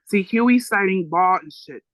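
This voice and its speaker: A reader delivers a memoir aloud for a book club in a bright, ringing voice. The delivery is emphatic, with salty asides thrown in. The sound is dry and close. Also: medium pitch, a little slow, no echo, poor audio.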